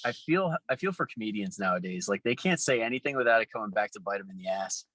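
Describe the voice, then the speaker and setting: A man hosting a podcast, chatting casually about training and comedy, relaxed and joking with lots of fillers. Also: lowish voice, fast talker, no echo, rough recording. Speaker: podcast host, strength coach.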